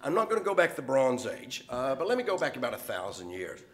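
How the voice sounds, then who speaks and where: A man's voice: medium pitch, big pitch swings, fast talker. A middle-aged man, a professor, speaking on a panel in an explanatory, lecturing way. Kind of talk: panel talk.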